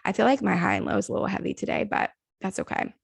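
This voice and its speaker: A woman's voice: medium pitch, huge pitch swings, rapid-fire, gravelly, husky, no echo. A young adult woman co-hosting a podcast in casual chat, a therapist talking candidly, swearing freely and trailing off with "like".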